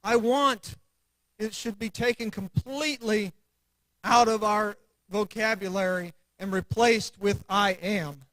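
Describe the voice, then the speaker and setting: A man's voice: high voice, steady tone, measured pace, a bit bright, dry recording, low-quality recording. A man teaching an adult church class, earnestly repeating declarations with conviction before leading a prayer.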